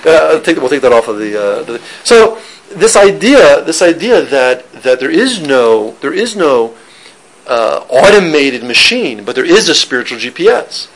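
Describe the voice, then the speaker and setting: Teaching a casual Torah class, this man has a fairly high-set voice and is very animated while keeping a moderate pace. His talk is loose, with restarted phrases and jokes traded with the audience, captured in a rough recording.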